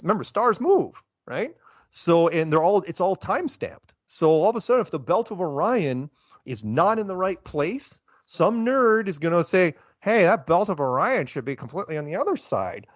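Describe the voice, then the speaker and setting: Animated man on a dull recording. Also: fairly high pitch, moderate pace, no echo. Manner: animated, gets worked up, rambling. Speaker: interview guest. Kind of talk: casual interview talk. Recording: dull lo-fi, dry sound.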